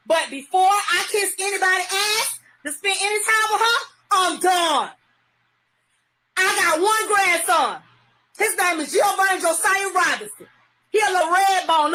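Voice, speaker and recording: A middle-aged woman in a heated, profane live-stream rant, often shouting. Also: extremely high pitch, slight background noise. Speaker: livestreamer.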